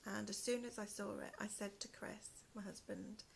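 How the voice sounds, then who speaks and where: Soft, gravelly woman with a hoarse voice. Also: medium pitch, fairly even intonation, normal speed, slight background noise. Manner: soft-spoken, often trailing into a whisper. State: in pain, hoarse from asthma. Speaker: podcast host. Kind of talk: casual chat to camera. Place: one room at home, indoors.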